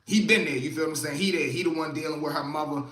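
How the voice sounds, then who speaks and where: A man's voice: on the high side, fast talker, reverberant. A man with a Baltimore accent telling stories in a loose, slang-heavy way, acting out other people's voices. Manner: animated, slangy, acts out quoted voices loudly. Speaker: host. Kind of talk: casual storytelling.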